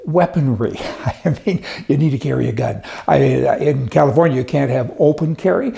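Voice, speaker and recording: Gravelly, folksy male news commentator. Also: mid-range voice, normal speed, mellow. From United States. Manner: folksy, emphatic, chatty with asides.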